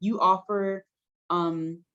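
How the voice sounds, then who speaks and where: A woman's voice: fairly low pitch, fairly even intonation, extremely slow, fairly bright tone, clean tone, lo-fi sound. A woman pharmacist giving frank, chatty career advice as a guest on a video call, full of likes and ums. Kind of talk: casual advice-giving interview.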